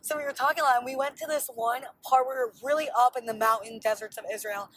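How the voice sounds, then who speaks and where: A woman's voice: on the high side, steady tone, fast talker, a bit bright, slightly rough, no room sound, rough recording. A young woman in her twenties hosting a casual solo podcast, telling stories in a chatty, bubbly way full of "like". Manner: chatty and bubbly, heavy use of "like". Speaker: podcast host.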